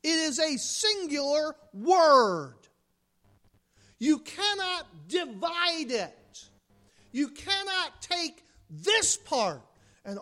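A woman's voice: high voice, very animated, very slow, sharp tone. A woman from the United States preaching a sermon, emphatic, with rhetorical questions and mocking asides.

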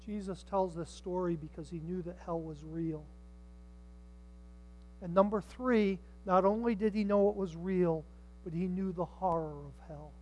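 An older man preaching a sermon, swinging from hushed tones to shouts and acting out the people in his stories. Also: sits high, steady tone, a little slow, slight background noise, rough recording. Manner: dramatic, swings from hushed to shouting, acts out voices.

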